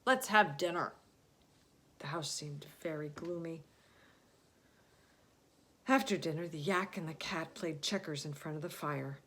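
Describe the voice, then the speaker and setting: Female storyteller, breathy lower voice, expressive read-aloud with hushed moments. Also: measured pace, pauses often. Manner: expressive, drops to hushed whispers.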